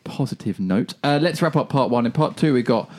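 A man's voice: mid-range voice, expressive, a little fast, a little mellow. A man hosting a casual fan podcast, reading out listener messages and moving the talk along. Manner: reads listener messages, moves the show along. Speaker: podcast host.

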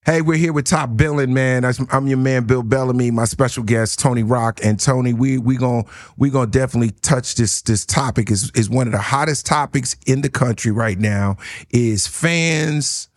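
Middle-aged male host, casual and excitable, laughs and exclaims often. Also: medium pitch, normal speed. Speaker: podcast host. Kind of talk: casual chat.

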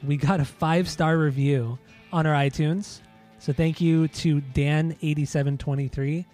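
A man hosting a casual podcast, rambling and laughing at himself, with the odd curse thrown in. His voice sits a little high but sounds dark and mellow. Faint guitar music plays underneath. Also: fairly even intonation, moderate pace. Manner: rambling, self-mocking, swears. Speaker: podcast host.

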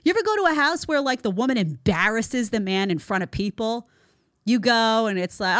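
A woman hosts a commentary podcast, her pitch jumping widely as she mocks people with sarcastic impressions. The studio mic sounds dry and close, with no room around her voice. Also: lively intonation, a little fast, fairly bright tone, no room sound. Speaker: podcast host. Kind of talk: opinionated commentary. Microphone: studio microphone.

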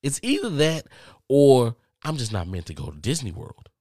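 A man vlogging, telling a story casually to his viewers with lots of cursing and animated asides. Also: mid-range voice, moderate pace, no echo, studio quality. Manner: profane, animated, talks straight to viewers.

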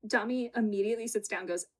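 A woman's voice: mid-range voice, breathy edge. A woman co-hosting a casual chat, laughing often as she retells scenes. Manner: giggly, retells scenes with quoted voices. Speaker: podcast co-host. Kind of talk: casual chat recapping a reality show. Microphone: home setup with green screen.

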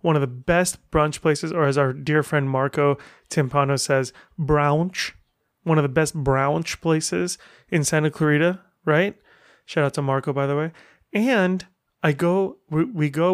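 A man's voice: fairly high pitch, moderate pace, no room sound, clean studio sound. A middle-aged man hosting a casual solo podcast, telling stories in a chatty way full of rambling asides. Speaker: podcast host.

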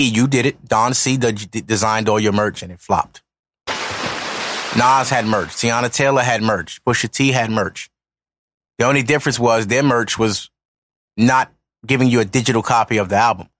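A man's voice: mid-range voice, a bit bright, no echo. A man hosting a podcast, ranting in heated commentary with profanity and repeated points. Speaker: podcast host.

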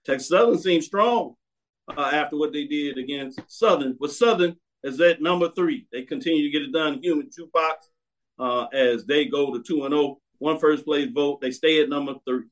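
A man with a bright, high-pitched voice runs a sports show in loose, opinionated commentary. He is blunt and emphatic, stacking up short commands to make his point. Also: normal speed.

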